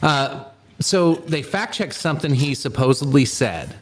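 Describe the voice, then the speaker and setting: A man's voice: on the high side, animated, measured pace, a little hiss or hum. Exasperated swearing man ranting. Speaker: podcast co-host. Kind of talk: profane ranting podcast chat. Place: his garage.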